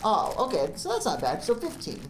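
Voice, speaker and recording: A young man co-hosting a podcast in casual chat, teasing and quick to laugh. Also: high-pitched, huge pitch swings, roomy sound, slight background noise. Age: young adult. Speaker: podcast co-host.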